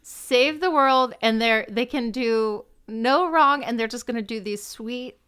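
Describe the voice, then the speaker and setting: A woman's voice: fairly high pitch, fairly bright tone, smooth. A woman chatting casually as a guest on a podcast, enthusiastic and full of fillers. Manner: enthusiastic, quick, lots of likes.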